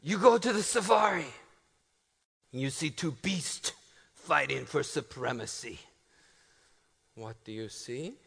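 A theatrical motivational speaker with a put-on foreign accent, as a preacher puts him on. He drags out his words and drops to a breathy hush. The sound rings with long reverb from a big space. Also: on the high side, lively intonation, takes it slowly, pauses often, exaggerated voice. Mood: mock-dramatic. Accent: put-on Spanish-flavored foreign accent. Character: man doing a hammy movie-style motivational speaker.

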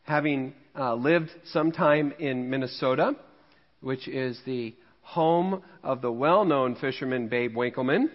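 A man's voice: medium pitch, a little slow. A man from Missouri preaching a sermon as pastor, telling a fishing story in a conversational, self-mocking way with frequent laughs. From Missouri, USA. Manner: jokey, conversational, laughs at himself. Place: church sanctuary. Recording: dull, long-reverb church hall recording.

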